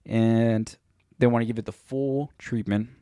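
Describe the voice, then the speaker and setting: A man's voice: mid-range voice, steady tone, measured pace, mellow, clear, resonant tone, no room sound, clean studio sound. A man co-hosting a podcast in loose, rambling casual chat, swearing often. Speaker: podcast co-host.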